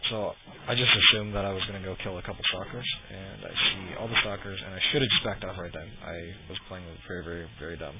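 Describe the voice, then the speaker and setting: A man casually commentating his own match replay, relaxed and self-critical, with lots of ums. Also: low-pitched, fast. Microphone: cheap desk mic. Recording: tinny lo-fi mic with loud noise.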